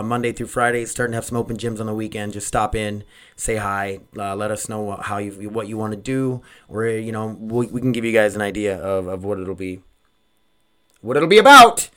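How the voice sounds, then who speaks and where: Male podcast host, solo, casual and self-deprecating, rambles and loses his thread, low-to-mid voice, home mic. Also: steady tone, moderate pace, a bit bright, clear, resonant tone. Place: home recording setup. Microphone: desk microphone.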